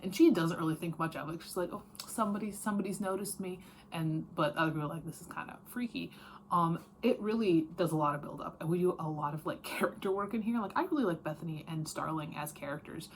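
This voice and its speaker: Chatty, frank woman with a lowish voice. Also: fast talker, few pauses, a little hiss or hum. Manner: chatty, frank, lots of fillers and self-corrections. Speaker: book vlogger. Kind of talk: casual reading wrap-up chat.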